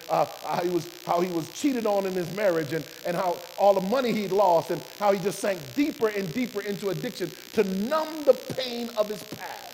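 A man preaching a sermon, telling a testimony with passion, his voice swinging from hushed to loud. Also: high-pitched. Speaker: preacher and doctor. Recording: long hall reverb with electrical hum and hiss.

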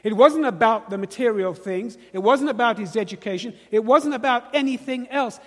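A man's voice: very high voice, normal speed, big-room sound. A man with a British accent preaching a sermon, questioning the congregation and drawing call-and-response. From Britain.

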